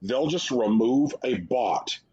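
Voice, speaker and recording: Husky-voiced man, sarcastic podcast rambling. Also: medium pitch, expressive, slow, mellow. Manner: rambling, sarcastic storytelling with many fillers. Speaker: podcast co-host. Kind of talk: casual chat reviewing games. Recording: dull lo-fi sound.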